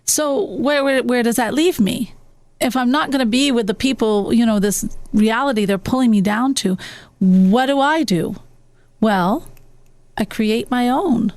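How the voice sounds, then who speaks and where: A woman's voice: fairly high pitch, a little slow, darkish tone, no room sound. A woman hosting a talk radio show, giving earnest life-coaching advice with many fillers and restarts.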